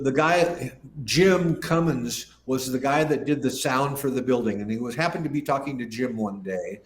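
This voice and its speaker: An older man, a musician guest, telling a rambling anecdote in casual talk and acting out the voices of people he quotes. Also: mid-range voice. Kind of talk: casual storytelling interview.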